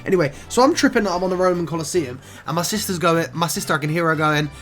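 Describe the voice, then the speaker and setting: A man's voice: fairly high pitch, quick pace, hardly any pauses, faint music behind. A young man, telling a casual, expletive-laden story for his vlog. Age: 20s. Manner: animated, swears often, says "bro" a lot. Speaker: vlogger.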